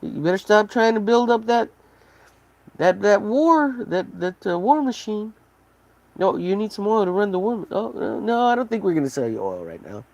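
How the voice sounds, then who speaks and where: A man's voice: high-pitched, very animated, normal speed, vocal fry, darkish tone, pitched above the performer's own voice, full character voice. A man putting on a smug, taunting oil seller. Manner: teasing, repetitive sing-song questions. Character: smug taunting male oil seller, mocking, sing-song.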